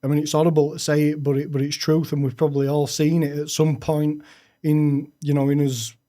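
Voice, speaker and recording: A young man, a podcast guest telling his own story frankly, with halting restarts. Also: fairly high pitch, flat delivery, warm tone. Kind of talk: candid personal storytelling.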